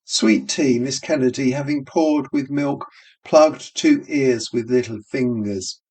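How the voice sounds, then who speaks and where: A man reading literary prose aloud, slow and unhurried, shaping each phrase like music. His voice sits at a middle pitch and is heard from a little distance off the mic. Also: darkish tone. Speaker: audiobook reader.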